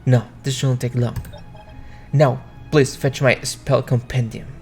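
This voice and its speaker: A man's voice: medium pitch, fairly even intonation, a little slow, darkish tone, soft background music, close to an everyday voice. A man reading a cold, commanding young noble mage. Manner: clipped, imperious orders. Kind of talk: reading game dialogue aloud.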